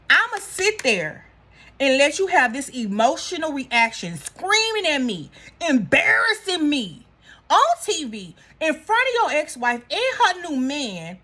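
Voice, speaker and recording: A woman's voice: high-pitched, sharp tone. A young woman with a Houston accent gives emphatic, repetitive reality TV recap commentary full of Southern slang. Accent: Houston, Texas. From Houston, Texas. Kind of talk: casual reaction commentary.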